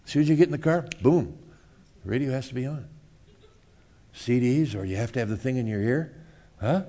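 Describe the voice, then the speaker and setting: A man preaching a sermon in a casual, conversational way, often asking the congregation questions, swinging from loud outbursts to hushed asides and acting out voices. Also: mid-range voice, expressive, brisk. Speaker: pastor.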